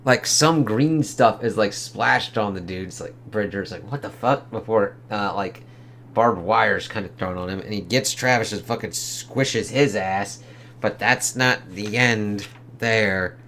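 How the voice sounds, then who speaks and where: A man's voice: fairly low pitch, a little slow, a bit bright, slight background noise. Profane rambling male comic reviewer. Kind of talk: casual review.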